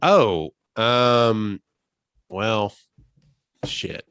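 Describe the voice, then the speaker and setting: A man co-hosting a podcast in casual chat, animated and swearing, often breaking off mid-sentence. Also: fairly low pitch, extremely slow, clear, resonant tone, no echo. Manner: animated, swearing, self-interrupting. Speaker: podcast co-host.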